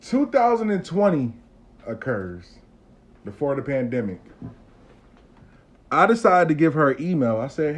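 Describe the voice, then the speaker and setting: A man's voice: a little high, very animated, moderate pace, pauses often. A man telling a long casual story to camera, swearing freely and acting out the dialogue. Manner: profane, conversational, acts out dialogue.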